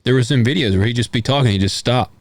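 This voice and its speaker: An American man co-hosting a podcast, chatting casually about politics in a rambling, folksy, animated way. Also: medium pitch, quick pace, no echo. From United States. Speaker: podcast co-host.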